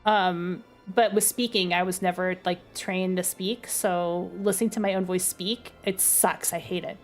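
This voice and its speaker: A young adult woman with a low, dark speaking voice, chatting casually on a stream with lots of fillers and self-deprecating asides. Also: fairly even intonation, a little slow, faint music behind.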